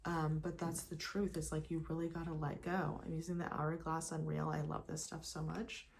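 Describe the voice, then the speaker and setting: Doing her makeup at home, a young lifestyle vlogger chats fast and loose in a low-sitting, gravelly voice, with slight background noise. It's an animated get-ready-with-me talk packed with "like" and "you guys," now and then sinking to a whisper.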